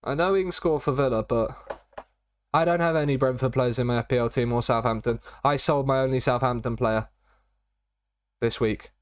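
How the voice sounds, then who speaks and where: Young male streamer, chatty and rambling, mid-pitched, close dry desk mic. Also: moderate pace, clear, resonant tone, no room sound. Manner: chatty, rambling, repeats catchphrases. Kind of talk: casual live-stream commentary.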